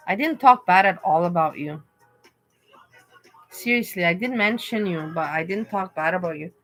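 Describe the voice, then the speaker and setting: Bright-voiced woman chatting on a livestream. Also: medium pitch. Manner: pleading, reasoning with a chat viewer. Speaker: livestream host. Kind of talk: casual livestream chat to viewers.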